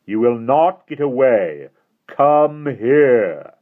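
A man reading an audiobook, voicing a menacing man who calls slowly across the water in a commanding, then hypnotic tone. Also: medium pitch, very animated, voice pushed up. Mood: commanding shout. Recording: tinny phone-like audio.

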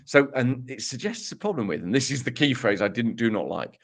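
A man's voice: mid-range voice, fairly quick, creaky. Guy on a podcast going over studies, bouncy voice, dry jokes at himself. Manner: dry self-mocking humor, lively delivery. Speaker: podcast co-host presenting research. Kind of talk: casual podcast explainer.

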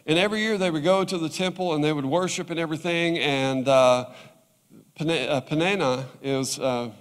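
Man, pastor, conversational sermon, fairly high voice, long hall reverb. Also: moderate pace. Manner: conversational preaching, checks in with listeners often.

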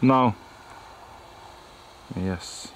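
A man's voice: fairly low pitch, extremely slow, slight background noise. A man co-hosting an outdoor model-flying session, giving short replies and reminders to the pilot. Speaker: co-host and spotter. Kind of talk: casual outdoor chat. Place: open field outdoors.

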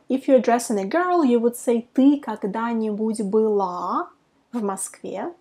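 A woman teaching a language lesson who says her example phrases slowly and carefully, with a Russian mother tongue. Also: a little high, a little mellow. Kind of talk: casual online language lesson.

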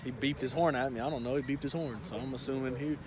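A man's voice: mid-range voice, quick pace. A young man vlogging outdoors in casual chat, joking and telling stories with lots of laughter. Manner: joking, laughs a lot, animated storytelling. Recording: noisy outdoor street ambience.

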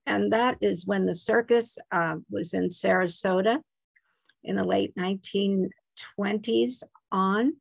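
A woman's voice: mid-range voice, fairly even intonation, unhurried, vocal fry, slightly rough, dry recording. A woman, a museum program manager, giving a slide presentation with chatty asides and self-corrections.

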